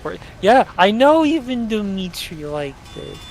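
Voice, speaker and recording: A man's voice: high voice, sing-song, measured pace, gravelly, darkish tone, a little hiss or hum. A young man streaming a game, chatting casually in a blunt and opinionated way.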